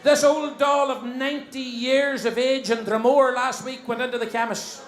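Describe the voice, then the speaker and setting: A man's voice: extremely high pitch, fairly even intonation, moderate pace, fairly bright tone. A middle-aged man with a Northern Irish accent compering a live show, cracking cheeky jokes and bantering with the audience. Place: stage in a hall before a live audience. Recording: echoey hall, faint crowd and noise.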